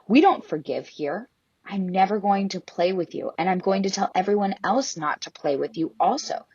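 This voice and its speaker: A woman's voice: mid-range voice, animated, normal speed, a little mellow, husky, no room sound, highs cut off. A woman doing a snippy little girl. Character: bossy unforgiving little girl.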